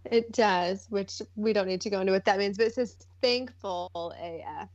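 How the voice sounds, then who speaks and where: A woman's voice: mid-range voice, moderate pace. A woman co-hosting a podcast in casual, playful chat, laughing often. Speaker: podcast co-host. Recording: dull lo-fi sound.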